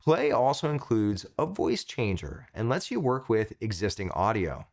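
Lively, upbeat male tech tutorial host. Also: on the low side, normal speed. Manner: enthusiastic, punchy short phrases. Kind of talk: upbeat scripted product review.

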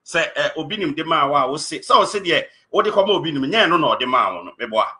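A man's voice: a little high, lively intonation, quick pace, pushed and bright. A male radio host questioning a guest, probing and pressing for answers.

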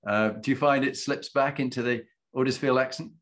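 A man's voice: mid-range voice, fairly even intonation, brisk, a bit bright. A middle-aged man from Yorkshire hosting an interview, telling stories and quoting folk sayings in a conversational way. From Halifax, Yorkshire. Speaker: podcast host.

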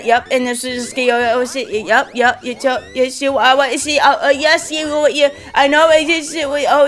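High-pitched excitable woman gamer. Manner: excitable, bursts into high shouts and laughter; rambling, stammers and repeats words. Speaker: gaming video host. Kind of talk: let's play commentary.

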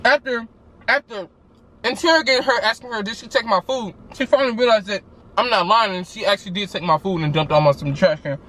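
A man's voice: high voice, fast, slight background noise. A man telling a story casually while eating, acting out each quote with loose, filler-filled chat. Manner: animated, acts out every quote; loose, chatty, many fillers. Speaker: vlogger.

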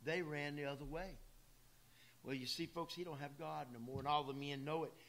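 Emphatic preacher, bright forceful voice. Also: male voice, a little high, fairly even intonation, normal speed. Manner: emphatic, plain-spoken, addresses the congregation directly. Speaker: pastor. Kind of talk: sermon with folksy asides. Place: church.

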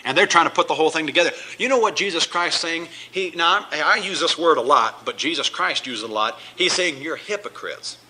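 Bright, forceful man preaching a Bible study. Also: fairly high pitch, fast, few pauses, slightly rough, low-quality recording. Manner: reads scripture aloud, then explains it with emphatic asides. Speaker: pastor. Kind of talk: verse-by-verse Bible study sermon.

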